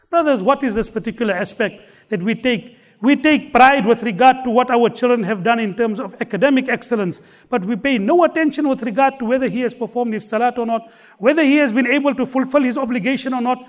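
Man, preacher, sermon, emphatic, repeats key points, scripture recitation, very high voice. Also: quick pace. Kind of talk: sermon with storytelling.

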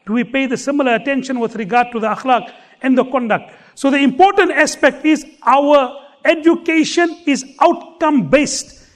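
A man's voice: very high-pitched, animated, moderate pace. A man preaching a sermon, telling a story and reciting scripture with emphatic repetition. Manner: emphatic, recites scripture, repeats key phrases.

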